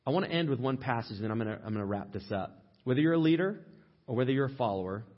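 A man preaching a sermon as pastor, in a conversational way, sometimes acting out quoted complaints in a higher voice. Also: dull audio.

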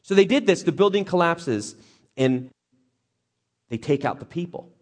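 A man preaching a sermon as lively storytelling, joking and acting out the characters. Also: fairly high pitch, a little slow. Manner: animated, jokey, acts out characters.

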